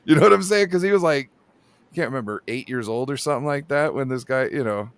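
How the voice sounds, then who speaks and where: A man's voice: mid-range voice, animated, fast talker, no echo. A man from the Pacific Northwest telling rambling, crude stories as a guest on a casual chat show. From Pacific Northwest, Washington. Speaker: panel guest.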